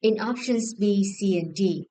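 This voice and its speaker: A woman English teacher with a Vietnamese accent reads her lesson aloud at an unhurried, careful pace. Her voice is soft and mellow, never bright. She pauses after each word and syllable as she goes through her answers. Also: medium pitch, rough recording. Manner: slow, deliberate, spelling out each word and syllable. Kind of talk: scripted lesson narration.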